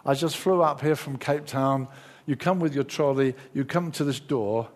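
A middle-aged man preaching a lively sermon, acting out the inner voices of his listeners. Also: mid-range voice, moderate pace.

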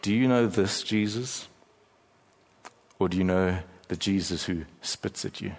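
A middle-aged man preaching a sermon as pastor, telling stories with emphatic pauses and dramatic slow-downs. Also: sits low, vocal fry. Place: large church hall. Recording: long hall reverb.

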